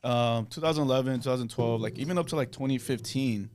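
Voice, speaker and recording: A man's voice: medium pitch, fast, a little mellow, slight background noise. An American man in his thirties, a podcast guest, chatting casually and agreeing a lot, swearing freely. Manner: easygoing, many affirming "yeah"s, swears casually. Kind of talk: casual chat.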